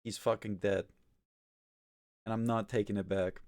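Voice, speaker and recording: A man streaming live, chatting casually with his viewers, swinging from mumbled asides to loud exasperated ranting, with lots of swearing. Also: fairly low pitch, flat delivery, a little slow, no room sound, studio quality. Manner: profane, argumentative.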